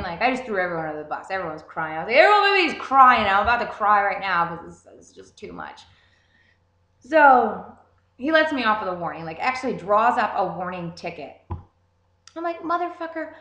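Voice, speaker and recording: A young woman telling a story in a casual, animated way, swearing constantly. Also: medium pitch. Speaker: vlogger. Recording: roomy echo.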